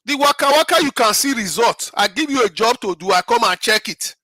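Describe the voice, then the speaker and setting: A man's voice: very high voice, animated, brisk, sharp tone, no echo. A middle-aged Nigerian man with a Nigerian accent, giving impassioned political commentary as a panel guest, repeating phrases and firing rhetorical questions.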